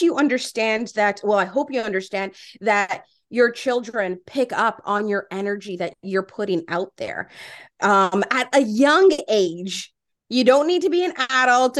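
A woman in her thirties hosting a casual parenting chat, animated and quick to exclaim and laugh. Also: fairly high pitch. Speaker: host.

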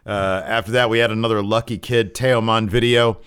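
A man's voice: fairly low pitch, fairly even intonation, brisk, fairly bright tone, clean tone, dry recording, clean studio sound. A man co-hosting a wrestling podcast, recapping matches in casual chat with many restarts and fillers. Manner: rambling, frequent restarts and fillers.

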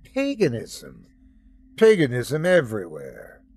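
A man's voice: medium pitch, wildly swooping pitch, slow, darkish tone, breathy edge, full character voice. A man voicing a jealous, domineering male God who rants and mocks. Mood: scornful. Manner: scornful, mocking rants.

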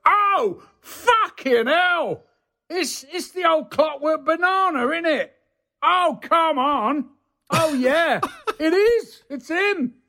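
Brief: a man playing a coarse, gushing lorry driver, high and animated. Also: slow, full character voice. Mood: starstruck. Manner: loud, sweary, gushing. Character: coarse excitable male lorry driver in a pub.

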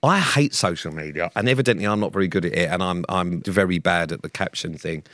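A man's voice: sits low, fast talker, a bit bright, no echo, studio quality. Sweary ranting man. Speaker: podcast co-host. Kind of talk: casual chat.

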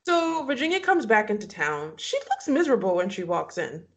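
Animated woman recapping with laughter. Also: mid-range voice, brisk. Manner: animated, laughs often, acts out quotes. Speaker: podcast co-host recapping a reality show. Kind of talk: casual chat.

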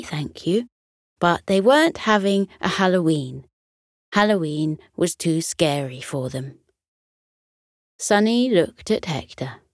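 A woman narrating a children's bedtime story in a gentle, soothing, expressive way. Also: lowish voice, no echo, studio quality.

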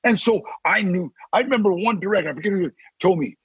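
An older man, a podcast guest, telling animated stories in a casual interview and acting out the voices he quotes. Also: sits high, quick pace, dry recording. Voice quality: gravelly, husky. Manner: animated, acts out quoted voices, growls threats. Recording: dry, slightly dull sound.

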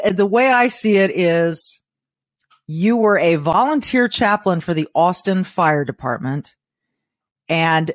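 A woman hosting an interview podcast, talking in a brisk, emphatic way. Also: on the low side, no room sound, studio quality. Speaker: podcast host. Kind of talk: casual interview chat.

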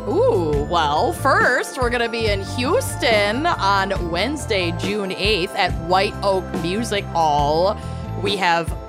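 A woman co-hosts a podcast with playful, sarcastic quips, her voice rising and falling in a lively way. She talks slowly, and there is clear music behind her. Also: medium pitch. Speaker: podcast co-host. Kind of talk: casual chat with friends.

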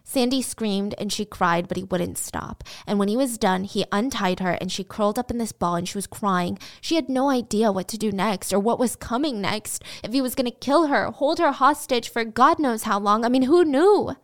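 A woman's voice: a little high, normal speed, few pauses. A woman retelling a true crime story in a casual, conversational way with personal asides.

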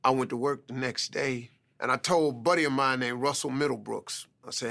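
Gravelly, forceful man telling a story. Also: mid-range voice, a little fast. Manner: animated, conversational with colloquial phrasing. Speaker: comedian. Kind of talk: motivational personal storytelling.

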